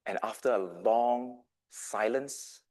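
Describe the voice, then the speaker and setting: A man's voice: medium pitch, takes it slowly, darkish tone. A man in his thirties giving a dramatic storytelling speech with big swings in volume. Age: 30s. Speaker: club speaker.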